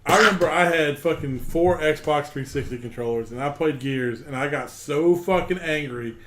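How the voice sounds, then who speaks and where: A man co-hosting a gaming podcast, telling stories in a casual chat, swearing freely and animated. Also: on the high side, moderate pace, heavy background noise. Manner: profane, animated storytelling. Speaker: podcast co-host. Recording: roomy echo.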